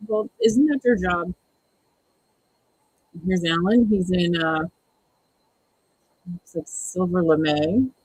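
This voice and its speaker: Watch-party host, husky mid-range voice, dry exasperated sarcasm. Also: mid-range voice, rough recording. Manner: exasperated, sarcastic, mimics the cast. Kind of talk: casual live watch-along commentary.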